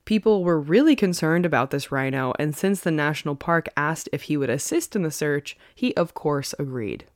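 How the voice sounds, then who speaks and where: A woman's voice: low-pitched, expressive, normal speed, dry recording, studio quality. A woman hosting a podcast, telling a story in a chatty, casual way and laughing often. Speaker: podcast co-host.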